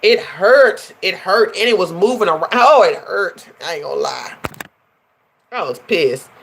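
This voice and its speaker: Lively, animated woman chatting. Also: fairly low pitch, measured pace, vocal fry, slight background noise. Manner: animated, chatty, laughs often, addresses viewers as y'all. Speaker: life coach and livestream host. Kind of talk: casual livestream chat with viewers.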